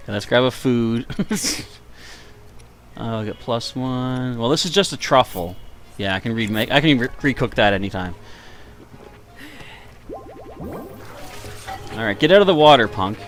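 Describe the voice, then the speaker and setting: A man's voice: medium pitch, animated, slow pace, pauses often, fairly bright tone, faint music behind. A man giving casual, rambling commentary while live streaming a video game and chatting with viewers, sounding tired. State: tired, yawning.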